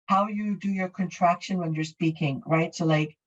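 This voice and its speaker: Woman english teacher, from canada, low voice, muffled distant call audio. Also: steady tone, moderate pace. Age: middle-aged. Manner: friendly, explanatory, many fillers and self-corrections. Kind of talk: online class, answering questions.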